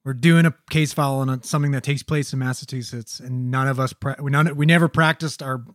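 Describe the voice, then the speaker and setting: A man's voice: mid-range voice, fairly even intonation, quick pace, dry recording, clean studio sound. A man co-hosting a podcast in casual chat, joking and cursing with playful indignation. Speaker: podcast co-host.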